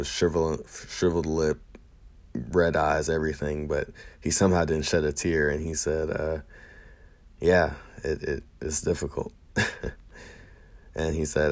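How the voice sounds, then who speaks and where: A man's voice: rumbling low, creaky, a little mellow. A young man in a casual monologue, rambling with many fillers and restarts, earnest and emotional.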